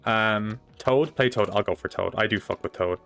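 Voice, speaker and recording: A man's voice: on the low side, normal speed, vocal fry, fairly bright tone, faint music behind. A young man chatting casually while playing a racing game live, rambling and swearing now and then, on a desk microphone. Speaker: streamer. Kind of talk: casual live gameplay chat.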